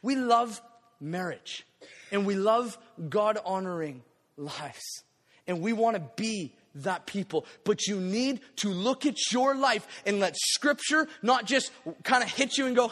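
A man preaching a sermon as a pastor, energetic, with playful asides and acted-out quotes. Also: high voice, measured pace. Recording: long echo of a large hall.

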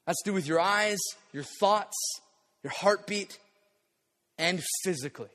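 A high-pitched man delivers a lively sermon as a pastor, breaking into playful asides and acting out little quotes. His voice rings through a large hall with a long, lingering echo. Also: a little slow.

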